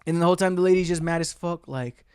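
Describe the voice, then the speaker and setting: A man's voice: a little high, quick pace, darkish tone, smooth, no room sound, studio quality. A man hosting his own podcast, telling a rambling, heavily profane story and acting out what people said. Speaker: podcast host. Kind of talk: casual storytelling monologue.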